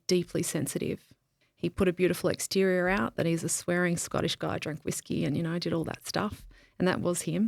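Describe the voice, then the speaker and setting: A grieving woman talks through her loss in a reflective interview, candid and unhurried, pausing and restarting as she searches for the right words. Her voice carries a gravelly, creaky texture. The sound is close and dry. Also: fairly low pitch, no echo. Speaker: podcast guest.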